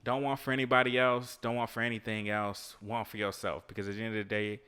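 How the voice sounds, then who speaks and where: A man's voice: on the low side, flat delivery, quick pace, pushed and bright, clean tone. A man hosting a podcast, giving laid-back motivational advice in casual speech, swearing, laughing and chatting to listeners while he plays a video game. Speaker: podcast host.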